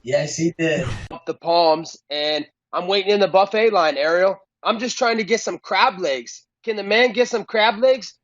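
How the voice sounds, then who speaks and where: A man's voice: sits high, normal speed, dry recording, muffled recording. A man being interviewed as a fighter, talking trash in a cocky, mocking, boastful way.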